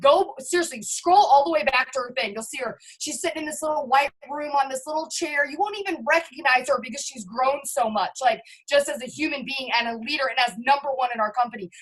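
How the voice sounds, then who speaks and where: Hyped high-voiced woman giving a pep talk. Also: a little fast, few pauses, poor audio. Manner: hyped, emphatic, addresses listeners directly. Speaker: network marketing team leader. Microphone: video call.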